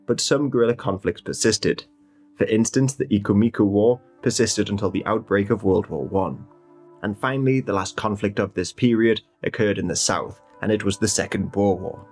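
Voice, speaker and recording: Low-voiced man narrating history over music. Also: darkish tone. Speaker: documentary narrator.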